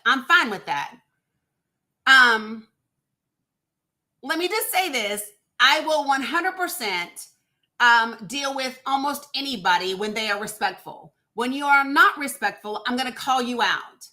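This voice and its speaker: A woman's voice: high-pitched, bright, forceful tone. A woman hosting a live call-in stream, firmly laying down rules and speaking bluntly to callers. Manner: firm, lays down rules, blunt. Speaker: host.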